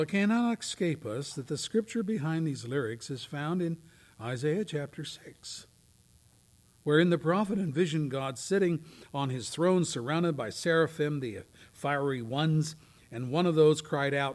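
A man preaching a sermon, swinging from loud, declaiming readings to near whispers. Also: fairly high pitch, lively intonation, measured pace. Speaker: pastor. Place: church.

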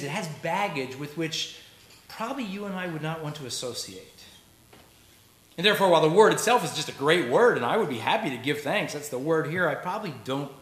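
Speaking in a fairly high, somewhat bright voice, a man delivers a sermon as pastor inside a church sanctuary. He keeps things chatty and tosses jokes to the congregation along the way. Faint noise sits under the echoey church audio.

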